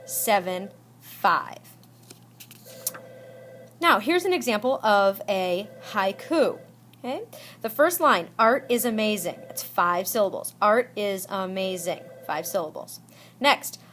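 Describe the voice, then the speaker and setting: A woman teacher giving a recorded lesson to students, explaining slowly and deliberately, checking in often and repeating examples aloud. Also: fairly high pitch. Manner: slow, deliberate explaining with frequent check-ins.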